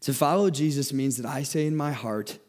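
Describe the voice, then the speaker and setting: A man's voice: medium pitch, normal speed, a little mellow. A young man giving a sermon in an earnest way, often repeating and restarting his words as he speaks.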